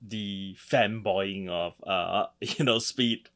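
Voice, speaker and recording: A man co-hosting a casual podcast chat, talking haltingly with many restarts and chuckles. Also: low voice, a bit bright. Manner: halting, restarts and laughs often. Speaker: podcast co-host. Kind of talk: casual chat about comics.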